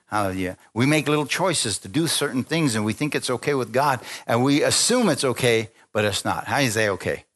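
A middle-aged male pastor delivering a sermon in a mid-pitched voice. He tells personal stories with animation and acts out the voices of the people in them. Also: a little fast, hardly any pauses. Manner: animated storytelling, acting out voices.

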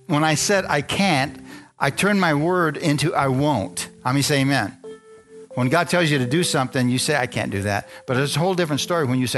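A man delivering a sermon as a story, voicing the people in it and turning to ask the congregation questions. His pitch sits in the middle of the range. Soft music plays faintly behind him. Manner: storytelling, acts out dialogue, asks the congregation. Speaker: preacher. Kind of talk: sermon testimony.

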